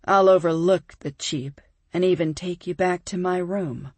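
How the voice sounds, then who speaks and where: A woman reading an audiobook, voicing a smug, seductive wealthy man in a low, silky murmur. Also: a little slow, a little mellow, dry recording.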